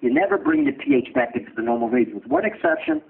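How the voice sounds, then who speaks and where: A man teaching a medical class who asks quick questions and answers them himself, with blunt joking asides. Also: mid-range voice, wildly swooping pitch, creaky. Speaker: medical lecturer. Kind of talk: lecture with questions to students. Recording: tinny lo-fi lecture recording with faint hiss.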